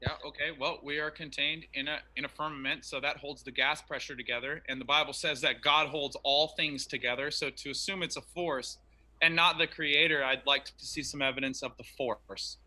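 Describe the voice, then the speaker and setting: A man speaking in an online debate over a remote call. His voice sits high and sounds very bright and sharp. He delivers his points in an emphatic, preachy way. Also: fairly even intonation, brisk, poor audio.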